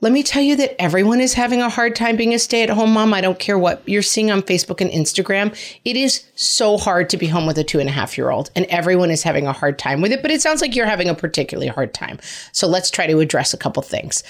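A middle-aged woman hosting a parenting podcast, giving reassuring advice in a chatty, wry way with quick asides. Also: medium pitch, expressive. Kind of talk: casual advice podcast talk.

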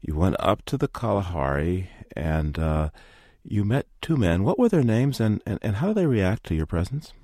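A man's voice: low-pitched, big pitch swings, normal speed, hardly any pauses, mellow, dry recording, studio quality. A man interviewing a guest with curious, prompting questions. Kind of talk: radio interview.

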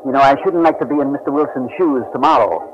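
A man's voice: medium pitch, fast talker, close to an everyday voice. An actor in 1940s radio acting, playing an earnest, polite young sidekick who calls his boss sir. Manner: earnest, deferential, says "sir". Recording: dull, hissy old radio recording.

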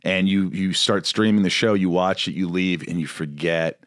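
A podcast host with a deep voice reads a sponsor spot in a chatty, upbeat way, as if talking to a friend. The recording is close and dry, without room sound. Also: male voice, moderate pace, fairly bright tone, no echo. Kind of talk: casual sponsor read.

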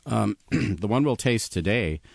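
A man's voice: on the low side, expressive, measured pace, creaky, slightly rough, dry recording, clean studio sound. A man, a sommelier guest on a radio talk show, explaining wine with knowledgeable enthusiasm. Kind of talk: radio interview.

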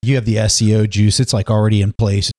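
A man hosting a podcast, asking relaxed questions and dropping in short remarks during an interview. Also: on the low side, fast, no room sound, studio quality. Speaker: podcast host. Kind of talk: casual interview.

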